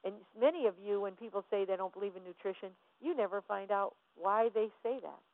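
A woman's voice: mid-range voice, fairly quick, no echo. A woman giving a motivational talk, emphatic and repetitive, acting out little dialogues as she goes. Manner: emphatic, repeats phrases, acts out dialogue. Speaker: motivational speaker. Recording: tinny phone-like sound, dry.

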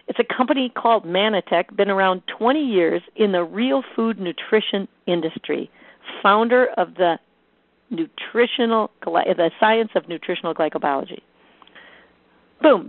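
Woman sales trainer, emphatic and energetic, phone-line sound. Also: medium pitch, no echo. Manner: energetic, emphatic, repeats key phrases. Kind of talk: coaching talk to a sales team. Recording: tinny phone-like line, dry.

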